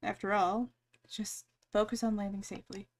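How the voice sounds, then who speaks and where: A woman playing through a visual novel, reading its dialogue aloud with soft asides. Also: medium pitch, level tone, moderate pace. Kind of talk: let's play narration.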